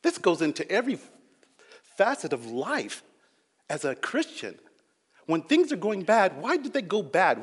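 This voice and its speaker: A man preaching a sermon with earnest swings between loud emphasis and quiet passages, acting out quoted voices. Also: high voice. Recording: long hall reverb.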